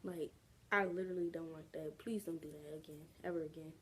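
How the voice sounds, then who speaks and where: A woman's voice: low-pitched, steady tone, fairly quick, slight background noise. A young adult woman telling a casual storytime vlog, chatty and slangy, drawing the story out. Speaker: vlogger.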